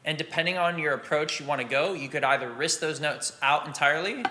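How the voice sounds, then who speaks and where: A man teaching drum rudiments in a relaxed, practical way, sometimes scatting the rhythms aloud. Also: a little high, brisk, very noisy. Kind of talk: instructional explanation.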